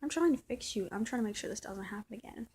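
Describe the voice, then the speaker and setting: A woman's voice: fairly high pitch, expressive, fast, a little mellow, slight background noise. A woman talking straight to camera in a personal vlog, venting and often restarting and repeating her words. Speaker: vlogger.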